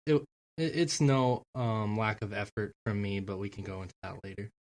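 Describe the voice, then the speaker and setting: A man on a casual podcast as a guest, laid-back and deadpan, mostly giving short replies. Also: fairly low pitch, moderate pace.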